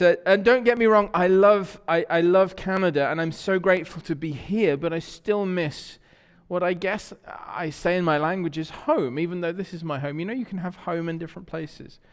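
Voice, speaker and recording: English male pastor, conversational sermon delivery, slightly high voice, reverberant sanctuary. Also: clean tone. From England. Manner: conversational storytelling, asks the congregation questions. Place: church sanctuary. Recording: long church reverb.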